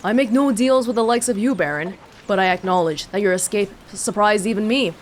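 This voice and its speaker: A woman reading aloud as a lofty, smug gentleman detective from a game book. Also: mid-range voice, a little fast, slight background noise, lightly acted.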